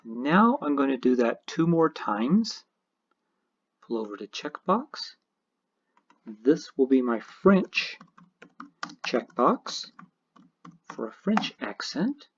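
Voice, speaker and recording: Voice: mid-range voice, sing-song, slow, pauses often, husky. A programming teacher narrating a screencast tutorial, explaining each step methodically. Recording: dull lo-fi screen recording.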